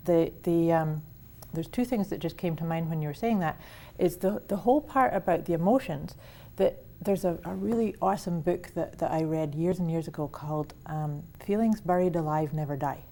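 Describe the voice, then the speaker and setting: A woman's voice: fairly low pitch, moderate pace, mellow. A woman hosting a casual conversation about wellness, talking with enthusiasm and frequent restarts. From Canada. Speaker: host.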